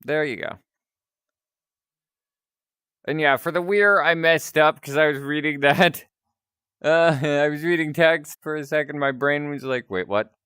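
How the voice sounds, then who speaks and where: A man chatting casually with his stream audience while taking requests, talkative and quick to laugh at himself. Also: fairly high pitch, steady tone, fairly bright tone, clean tone, no room sound, studio quality. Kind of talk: casual chat.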